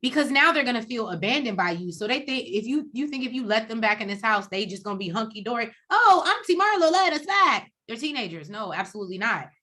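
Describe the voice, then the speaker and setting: A woman with a bright, ringing voice co-hosts a casual reality TV recap. She talks bluntly and profanely, and she acts out what people said as she tells the story. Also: medium pitch, fast talker, hardly any pauses. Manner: blunt, profane, animated storytelling with acted quotes. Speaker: co-host of a TV recap show.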